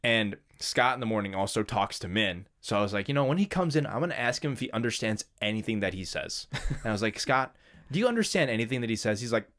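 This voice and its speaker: Laid-back man with a lowish voice. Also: expressive, fast talker, a bit bright. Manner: laid-back storyteller, laughs often, loose filler-heavy phrasing. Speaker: podcast co-host. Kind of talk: casual chat.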